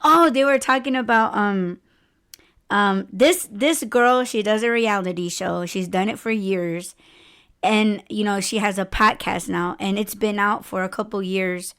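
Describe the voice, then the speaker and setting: A woman's voice: mid-range voice, fairly bright tone, clean tone. Chatty, giggly woman around forty. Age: about 40. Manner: rambling, laughs often, trails off and restarts. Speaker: podcast co-host. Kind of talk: casual chat.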